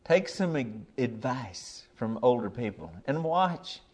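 A man's voice: medium pitch, sing-song, takes it slowly, a little mellow. An older man, a preacher giving a sermon in a folksy, plainspoken way, earnest and building to emphatic peaks.

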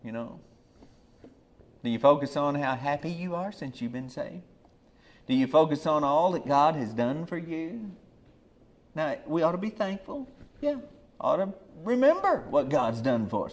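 A man preaching a sermon in a folksy way, moving from quiet asides to loud, emphatic peaks. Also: medium pitch, animated, measured pace.

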